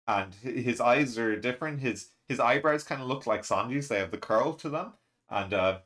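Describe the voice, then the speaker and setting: A man hosting a casual reaction and review, excitable and rambling, laughing often between fillers. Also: fairly low pitch. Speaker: manga reaction channel host.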